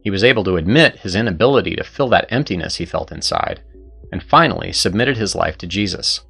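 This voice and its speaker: A man's voice: low-pitched, animated, brisk, creaky, pushed and bright, slightly rough, faint music behind. A man hosting and narrating a scripted story in an earnest, persuasive way. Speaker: host and narrator.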